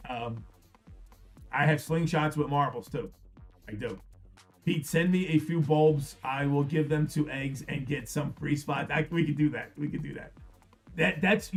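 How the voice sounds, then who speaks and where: A man's voice: on the high side, darkish tone. A middle-aged man with a Philadelphia accent, telling a rambling story on a livestream, swearing freely and often restarting his sentences. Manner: rambling, profane, frequent restarts. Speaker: card break host. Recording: faint music behind.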